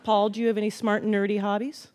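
A woman's voice: medium pitch, level tone, fast talker, darkish tone, a little hiss or hum. A woman hosting a live quiz show, introducing contestants and bantering playfully. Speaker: game show host.

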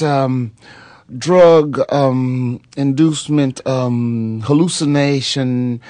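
A man who is a pastor and singer, telling his story in an interview with many hesitant pauses and heartfelt outbursts. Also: mid-range voice, dry recording. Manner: animated testimony full of hesitations.

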